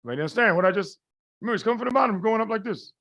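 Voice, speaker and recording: A man with a slightly high voice gives a live class lecture. He talks in a folksy, colloquial way, keeps throwing rhetorical questions at the students and checks again and again that everyone follows. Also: lively intonation, racing, gravelly, highs cut off. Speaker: medical lecturer.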